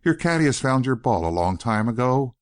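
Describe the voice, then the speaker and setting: A man reading an audiobook voices a nervous, guarded young woman who speaks quickly and anxiously. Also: medium pitch, sing-song, close to an everyday voice.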